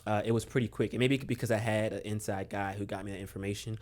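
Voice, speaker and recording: A young man from Maryland, a guest on a podcast, telling a relaxed story with lots of fillers and chuckles. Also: on the low side, fast talker. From Maryland, USA. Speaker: podcast guest, basketball coach. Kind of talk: casual storytelling interview.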